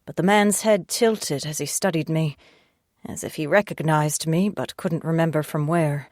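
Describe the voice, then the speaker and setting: Low-voiced woman audiobook narrator. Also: steady tone, moderate pace, dry recording, clean studio sound. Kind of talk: first-person audiobook narration.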